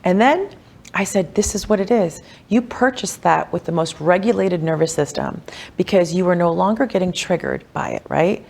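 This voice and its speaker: A woman, a wealth coach, telling personal stories in a casual podcast interview, animated and chatty, with lots of "like" and "you know.". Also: moderate pace, creaky. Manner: animated, acts out quoted voices with big pitch jumps.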